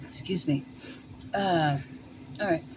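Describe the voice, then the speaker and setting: At her home in Colorado, a woman with a New York accent gives a casual tarot reading, still warm and winded from shoveling. Her lowish, slightly mellow voice comes through poor audio with a bit of background noise, and she thinks aloud with plenty of fillers.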